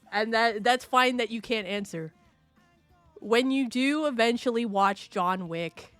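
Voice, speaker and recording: A woman chats slowly and playfully on a live stream, often laughing as she answers her viewers. Her voice sits a little high and sounds dry and close, with faint music underneath. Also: a bit bright, no room sound. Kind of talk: casual live-stream chat.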